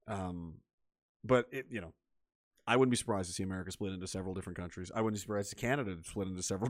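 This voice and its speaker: A man's voice: fairly low pitch, a bit bright, no room sound, studio quality. Profane, sarcastic male streamer. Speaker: political commentary streamer. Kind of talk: ranting commentary on news.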